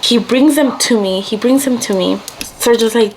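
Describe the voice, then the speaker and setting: While getting ready, a young vlogger from Mexico tells a casual story, chatting in a blend of English and Spanish. Her fairly high voice has a darkish tone and a moderate pace. A little hiss or hum can be heard.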